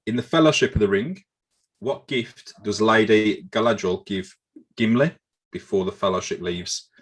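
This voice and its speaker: A man with a low, somewhat husky voice runs a quiz on a casual podcast. He swears and banters freely and trips over his own words. His delivery is loose and chatty. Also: moderate pace. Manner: swearing, banter-heavy, repeats himself. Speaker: podcast co-host, quizmaster. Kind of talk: casual chat.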